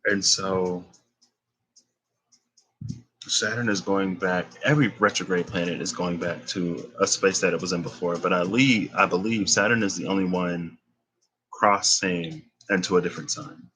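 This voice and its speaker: A man's voice: deep voice, fairly even intonation, normal speed, bright, forceful tone, breathy edge, poor audio. A young man giving a casual tarot reading, rambling and thinking aloud as he corrects himself. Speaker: tarot reader.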